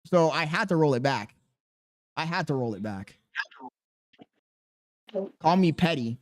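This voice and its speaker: A young man hosting a podcast, telling a profane story in a casual, animated way. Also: a little high, measured pace, no room sound, clean studio sound. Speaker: podcast host.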